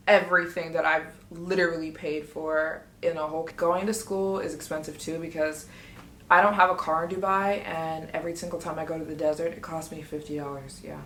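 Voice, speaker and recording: A woman telling a story in a casual vlog, chatty and excitable, often acting out what she and others said. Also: fairly low pitch, brisk, slight background noise. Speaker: travel vlogger. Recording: echoey room.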